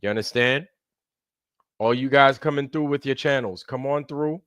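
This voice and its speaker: A man's voice: medium pitch, moderate pace, a bit bright, smooth, dry recording. A man hosting a casual live stream, greeting viewers by name in a loose, repetitive style with hype. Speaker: livestream host.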